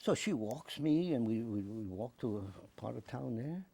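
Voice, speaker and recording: An older American man with a New York accent recalls his past in an oral history interview as a veteran, animatedly acting out other people's words in quotes. His mid-range voice moves at a normal speed and sounds creaky and slightly rough, with no echo.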